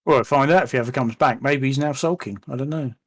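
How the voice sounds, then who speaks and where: A man's voice: medium pitch, fast, no room sound. A man, co-hosting a casual live chat with dry, joking banter.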